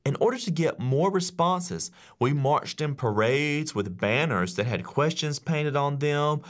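A man who teaches, telling a story to an audience in an animated way and acting out the voices of the people in it. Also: on the high side. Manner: animated, acts out quoted voices. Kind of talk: storytelling speech.

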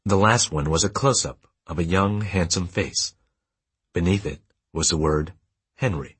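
Deep husky guy reading an audiobook, calm and measured, super dry sound. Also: no room sound. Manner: steady, measured storytelling. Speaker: audiobook narrator. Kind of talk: scripted narration.

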